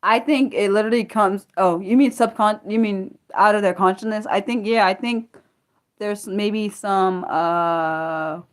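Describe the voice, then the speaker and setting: A woman hosting a casual unscripted livestream, rambling excitably with lots of quick questions and restarts. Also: medium pitch. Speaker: livestream host.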